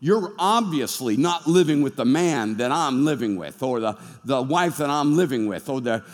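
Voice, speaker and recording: A man's voice: medium pitch, lively intonation, normal speed, close to an everyday voice. A man voicing a reluctant, complaining Gideon who pleads in casual modern slang, with long hall reverb. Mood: pleading, exasperated.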